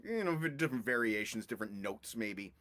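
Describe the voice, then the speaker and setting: A man's voice: on the low side, brisk. A man hosts a casual rock collector vlog and swaps anecdotes in a loose, conversational way. His voice rises and falls a lot, and he slips into little sound effects to act out his stories. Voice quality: animated, chatty storyteller who does little sound effects. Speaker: host of a rock music video channel.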